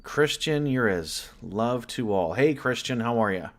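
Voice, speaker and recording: A man's voice: mid-range voice, lively intonation, a little slow. A man from the US West Coast, chatting casually as a livestream host, rambling and greeting viewers by name. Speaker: livestream host and horror story narrator.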